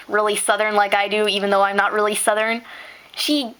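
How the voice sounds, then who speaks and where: A woman's voice: medium pitch, little pitch movement, a little fast, fairly bright tone, smooth. A teenage girl from Arkansas answering a voice meme questionnaire, chatty and giggly. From Arkansas, USA. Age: teens. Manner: chatty and giggly, reads aloud with stumbles. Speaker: vlogger.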